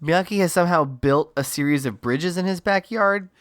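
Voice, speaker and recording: Sarcastic male podcast co-host, slightly high voice. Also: normal speed. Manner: sarcastic, does silly impressions of characters. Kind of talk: casual movie recap chat.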